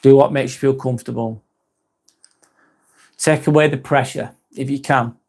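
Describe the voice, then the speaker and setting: A man's voice: medium pitch, steady tone, normal speed, darkish tone. A man from northwest England, hosting a live stream in a casual chat style, reading viewer comments aloud and replying in a friendly way.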